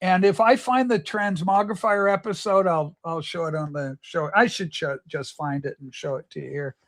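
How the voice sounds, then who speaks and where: A man's voice: fairly high pitch, steady tone, normal speed. A man hosting a casual livestream chat, telling stories with eager enthusiasm. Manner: chatty, enthusiastic storyteller. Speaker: livestream host.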